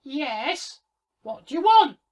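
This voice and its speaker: Woman putting on a surly block manager lady, squeaky high and real slow, music behind. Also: sing-song, a little mellow, exaggerated voice. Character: grumpy, suspicious female block manager.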